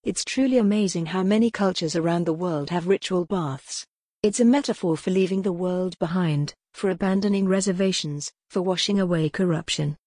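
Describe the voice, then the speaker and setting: Lady reading a calm lecturing secret society guy, kinda low, dry close sound. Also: moderate pace, dry recording, natural voice. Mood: explaining. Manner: explanatory, matter-of-fact.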